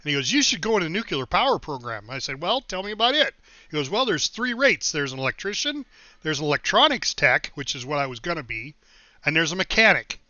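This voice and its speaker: Bright-voiced middle-aged man, rambling stories. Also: on the high side, big pitch swings, brisk, no echo, muffled recording. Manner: rambling anecdotes, chuckles, thanks followers. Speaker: game streamer. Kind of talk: casual storytelling while livestreaming.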